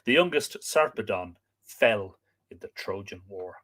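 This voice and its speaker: A man's voice: lowish voice, lively intonation, a little slow, fairly bright tone. A man hosting a live stream, reading old myths aloud, chatting with viewers and stopping to work out pronunciations.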